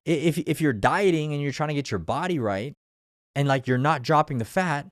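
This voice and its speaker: A man's voice: a little high, animated, a little fast, dry recording, clean studio sound. A young man hosting a show, giving a blunt, profane motivational monologue full of pushy rhetorical questions. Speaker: show host.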